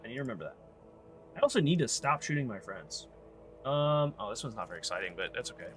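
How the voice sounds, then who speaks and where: A man's voice: mid-range voice, sing-song, fast talker, soft background music. Chatty man streaming a game. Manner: chatty, thinking aloud. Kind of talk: casual gameplay commentary.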